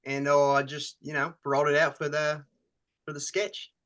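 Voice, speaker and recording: An American man who works as a screenwriter and actor talks in a casual interview. His voice is bright and a little high, with a level tone and moderate pace, and he rambles through loose stories packed with fillers.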